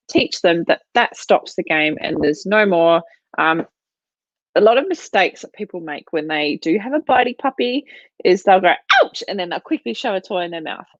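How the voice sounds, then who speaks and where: A woman's voice: on the low side, dry recording. A woman dog trainer giving practical advice in a chatty live Q&A from home, with lots of fillers. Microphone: livestream mic. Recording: dull, lo-fi and dry.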